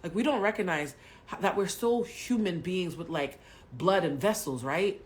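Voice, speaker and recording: A woman in her forties from Haiti, a spiritual coach telling a personal story on a livestream in a blunt, profane way, swinging from loud bursts to hushed asides. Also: lowish voice, animated, moderate pace. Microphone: webcam or phone mic on a home livestream.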